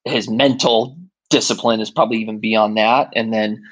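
Animated man telling business stories. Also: fairly low pitch, normal speed, low-quality recording. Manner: animated, acts out quoted voices while telling stories. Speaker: brewery co-founder. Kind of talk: conversational interview storytelling.

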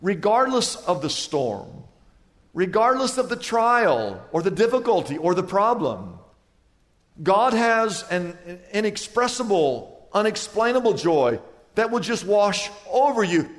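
A man preaching a sermon, acting out little dialogues and rising to sudden high, loud bursts. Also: sing-song, a little slow, big-room sound. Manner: acts out little dialogues for illustration. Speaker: pastor.

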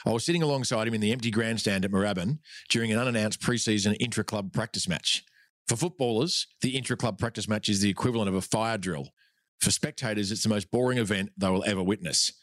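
Brief: Australian male radio co-host, playful and quick to laugh, dry studio mic. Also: on the low side, fairly bright tone, no echo. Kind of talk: comedic radio chat and book reading.

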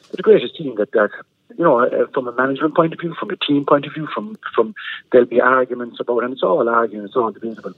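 An Irish man breaks down a football match on the radio, pressing each point with repeated phrases. His voice sits at an ordinary pitch and comes down a narrow, tinny phone line. The sound is dry, with no room around it. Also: husky, dry recording. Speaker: GAA football pundit. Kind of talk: sports radio analysis.

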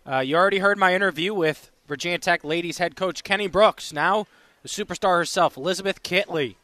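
A man's voice: high voice, fairly quick, sharp tone, no echo. A man hosting a live sports radio show, upbeat and chatty, reading out phone numbers between talk. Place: radio row at a sports event.

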